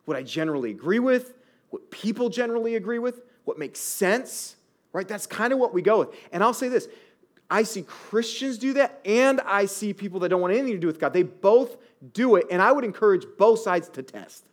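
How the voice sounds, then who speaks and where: A male pastor in his thirties delivering a conversational sermon. His voice sits a bit high for a man, and he keeps tossing rhetorical questions at the congregation in an animated, chatty way. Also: fairly quick.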